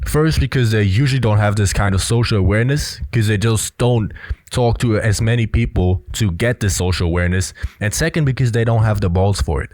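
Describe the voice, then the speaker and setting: A man's voice: fairly low pitch, brisk, darkish tone, no echo. A man giving blunt, assertive casual commentary on a film clip, often filling with "you know". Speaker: body language commentator.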